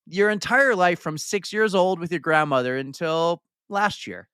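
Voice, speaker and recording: A man's voice: high voice, normal speed, a bit bright, clear, resonant tone, no room sound, studio quality. Upbeat man hosting a podcast. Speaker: podcast host. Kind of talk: casual podcast chat.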